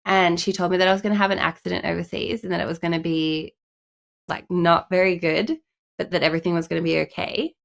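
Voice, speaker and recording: Gravelly-voiced woman with a stuffy nose. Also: lowish voice. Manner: chatty, frequent "like" fillers. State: stuffy, congested from a cold. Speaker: podcast co-host. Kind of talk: casual podcast chat.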